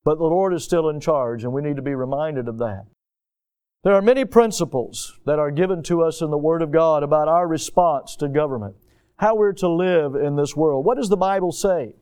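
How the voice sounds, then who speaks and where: Pastor, male, higher voice, smooth and resonant, earnest sermon delivery. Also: a little mellow. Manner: earnest preaching, slows for emphasis on key phrases.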